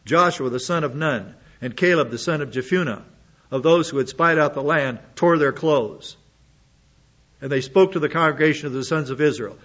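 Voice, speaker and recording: A man's voice: a little high, moderate pace, fairly bright tone, dull audio. A man preaching an expository sermon, reading scripture aloud and commenting on it with blunt sarcasm.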